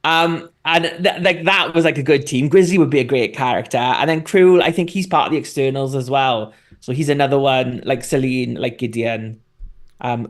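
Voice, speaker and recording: Male co-host, rambling storyteller. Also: mid-range voice. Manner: rambling, animated storytelling with swearing. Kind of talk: casual chat.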